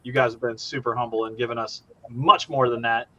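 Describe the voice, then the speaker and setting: A man's voice: medium pitch, steady tone, brisk, a bit bright. A man hosting a casual group chat on a stream, joking around and swearing freely. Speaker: show host. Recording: dull lo-fi audio.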